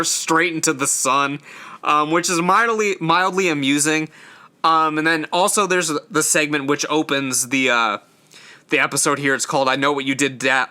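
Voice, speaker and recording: A man's voice: a little high, normal speed, pushed and bright, clean tone. A young man hosting a casual solo ranking show, talking in a chatty way with lots of fillers and stumbling over his words now and then. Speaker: host ranking episodes.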